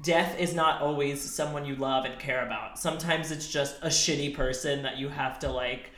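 A young man co-hosts a podcast, telling stories with animated swearing and plenty of fillers. His voice sits a little high and sounds bright. It comes through in an echoey room. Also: normal speed. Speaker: podcast co-host. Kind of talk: casual chat, storytelling.

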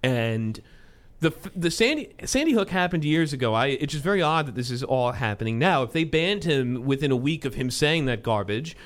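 A man's voice: mid-range voice, animated, normal speed, few pauses. A young man hosting a comedic podcast chat, sarcastic, sometimes slipping into a mock-newscaster delivery. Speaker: podcast host.

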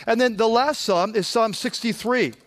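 A man with a high-pitched voice gives a sermon in an easygoing, conversational manner. He restarts sentences often and keeps checking in with the congregation as he goes. He talks plainly, as if to friends, rather than in a formal pulpit style. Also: normal speed. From Southern California. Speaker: pastor.

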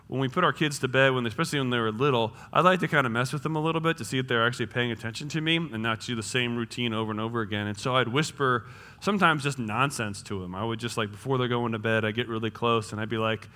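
A man preaching a sermon in a casual, joking way, swinging between loud emphasis and hushed tones. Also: mid-range voice, fast talker, big-room sound. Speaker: pastor. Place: church.

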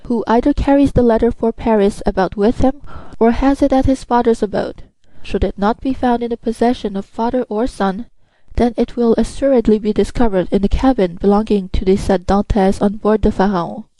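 A woman reading a classic novel aloud as an audiobook narrator, with a steady, even delivery. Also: on the high side, brisk, few pauses, no room sound, rough recording. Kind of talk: scripted narration.

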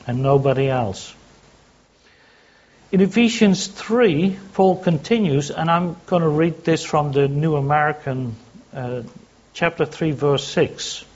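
A man's voice: a little high, highs cut off. A man preaching a sermon, teaching by asking questions and answering them himself. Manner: teaching, asks and answers his own questions.

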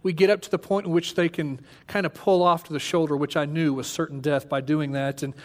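A man in his thirties preaching, telling a story with lively, animated delivery and acting out his own panic. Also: fairly high pitch, brisk. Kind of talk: sermon storytelling.

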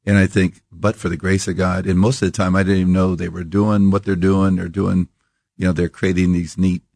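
A man's voice: deep voice, flat delivery, a little fast, vocal fry, a little mellow, dry recording. A man in his fifties from Iowa, a guest on a studio interview, talking reflectively and rambling with many restarts. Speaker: coffee company founder, guest. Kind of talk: casual interview. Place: radio studio.

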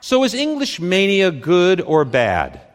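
A man delivers a conference talk in a high, lively voice that rises and falls with every phrase. He speaks slowly in short, punchy lines, and the long reverb of a big hall trails each word. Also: heavy background noise. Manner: deliberate, dramatic short phrases with pauses. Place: stage in a large hall.

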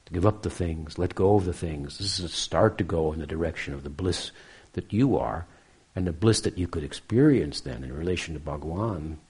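A man with a deep, husky voice lectures on sacred texts. He speaks reflectively and keeps checking in with his listeners with a questioning "hmm?". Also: a little mellow. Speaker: spiritual teacher. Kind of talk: scripture lecture.

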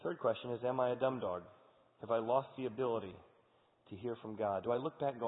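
A man's voice: medium pitch, fast. A male pastor preaching a sermon in an earnest, conversational way. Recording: echoey hall over tinny sound.

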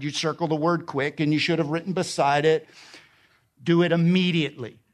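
A middle-aged man preaching a sermon, emphatic and repeating key phrases. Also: on the high side. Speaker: pastor.

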